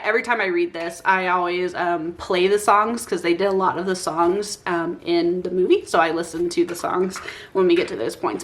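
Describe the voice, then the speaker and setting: A young woman booktuber talking casually and excitedly about her favorite books, gushing and swearing freely. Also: on the low side. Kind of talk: casual chat.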